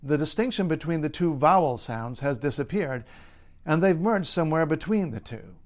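A male linguist narrates a scripted explainer in a slightly high voice. He sounds clear and wry, with light humor running through the read. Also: animated, moderate pace. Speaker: linguist and writer.

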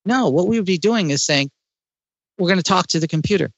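A man speaking as an interview guest, explaining ideas in a lively way with frequent restarts. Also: high-pitched, fairly quick, gravelly, dry recording, muffled recording. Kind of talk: conversational interview.

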